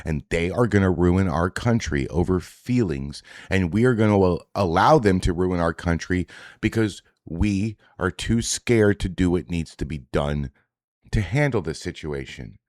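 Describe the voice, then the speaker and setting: Blunt, profane low-voiced man. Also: expressive, moderate pace, no room sound, studio quality. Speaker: host reacting to clips. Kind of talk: casual reaction commentary.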